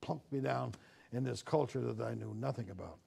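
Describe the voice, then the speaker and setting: With a mid-range, slightly fast voice that's darkish, slightly rough and marked by vocal fry, an older Newfoundland columnist shares childhood memories in a sit-down interview. He tells them reflectively, performing the voices he quotes.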